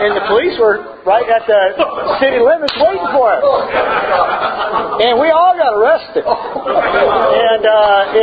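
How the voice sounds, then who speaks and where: A man's voice: high voice, phone-quality sound. A middle-aged man answering a parenting question, telling stories and laughing often as he talks. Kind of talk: casual parenting advice talk.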